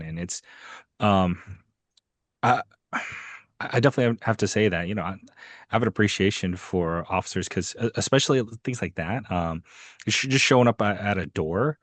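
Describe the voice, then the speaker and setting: A man's voice: lowish voice, animated, fairly quick, no echo. A man who hosts a podcast, speaking earnestly in an interview and often restarting his sentences. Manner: earnest, with many fillers and restarts. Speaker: podcast host. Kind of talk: interview conversation.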